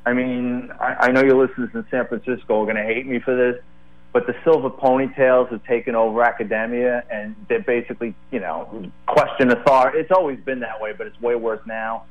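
A middle-aged man tells lively anecdotes at a medium pitch. His voice comes through a narrow, tinny phone line. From the Bronx, New York. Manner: animated, quick to tell a funny story. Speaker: guest, retired police detective. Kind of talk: casual storytelling. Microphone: phone call.

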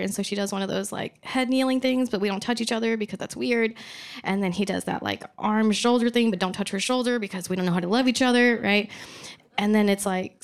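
Young woman doing a funny story live onstage, kinda gravelly, laughs a lot. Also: mid-range voice, moderate pace. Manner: comic, conversational, laughing often. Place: live event stage.

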